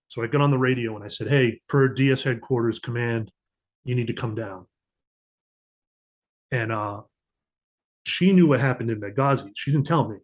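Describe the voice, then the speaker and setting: Man telling a story with animated quotes. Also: mid-range voice, moderate pace, pauses often. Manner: animated, acts out quoted voices, profane at times. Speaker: podcast guest, diplomatic security agent. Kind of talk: conversational storytelling.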